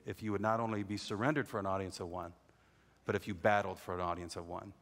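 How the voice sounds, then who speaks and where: A man's voice: lowish voice, steady tone, fast. A middle-aged man preaching a sermon earnestly, repeating his key phrases for emphasis. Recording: long reverb in a large hall.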